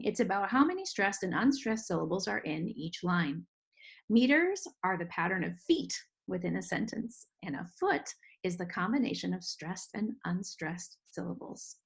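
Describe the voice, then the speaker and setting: A woman teaching a music lesson for children, who explains clearly and patiently and sounds out rhythms of words. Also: medium pitch.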